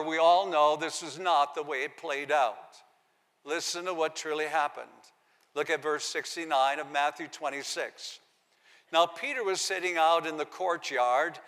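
A man's voice: fairly high pitch, fairly bright tone, long reverb tail. A man preaching a sermon, reading scripture aloud and giving the quoted lines dramatic emphasis. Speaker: pastor.

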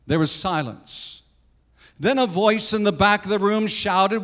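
High-voiced male preacher telling a story. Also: unhurried, fairly bright tone, big-room sound. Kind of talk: sermon illustration storytelling.

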